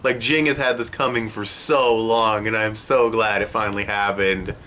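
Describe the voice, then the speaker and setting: Young male reviewer, bright forceful voice, casual and profane, home setup. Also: lowish voice, normal speed, slight background noise. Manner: excitable and profane, swears often. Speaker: anime reviewer. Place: home room.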